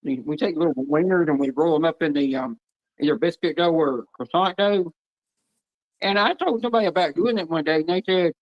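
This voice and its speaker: A woman's voice: low-pitched, brisk. A woman in casual live-stream chat, telling folksy stories and acting out her own quotes. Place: home in the United States. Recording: dry, dull lo-fi stream audio.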